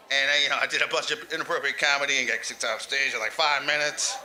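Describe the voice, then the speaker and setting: A man's voice: mid-range voice, steady tone, fast talker, hardly any pauses, pushed and bright, rough recording. Crude rambling male lounge comic. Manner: crude, laughing through his own jokes. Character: lounge comedian claiming eighty-five years. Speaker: comedian.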